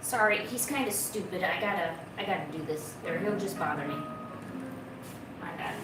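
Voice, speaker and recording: A woman's voice: lowish voice, lively intonation, normal speed. A woman streaming from home while drawing, chatting casually with lots of fillers and stopping to coax her cat. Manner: rambling, filler-heavy, coaxing her cat. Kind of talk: casual chat. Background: lo-fi music.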